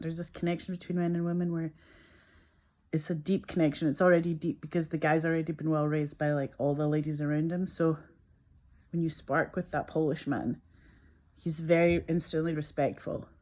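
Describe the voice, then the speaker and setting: Low-voiced woman rambling casually. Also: fairly even intonation, moderate pace, a little mellow. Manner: chatty, meandering, frequent "like" fillers, laughs often; drinks juice while talking. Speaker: filmmaker talking to camera.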